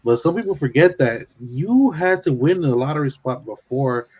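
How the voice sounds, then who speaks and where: A man speaking as a guest on a casual livestream, rapid and opinionated. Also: mid-range voice, expressive, a little mellow, slight background noise. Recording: dull lo-fi audio.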